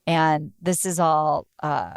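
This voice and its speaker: Woman, talk host, gushing and chatty, slightly low pitch, dry room. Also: fairly even intonation, slow, vocal fry, clean tone, no room sound. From northern United States. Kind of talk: casual interview chat.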